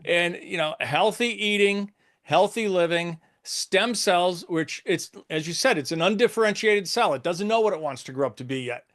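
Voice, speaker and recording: A man's voice: sits high, normal speed, a bit bright. A man hosting a podcast, talking in an earnest, folksy, casual way. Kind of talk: casual conversation.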